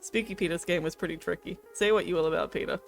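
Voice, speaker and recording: A woman's voice: lowish voice, fast talker, creaky, soft background music. A woman, a gaming streamer, reading a game's narration aloud in a playful way.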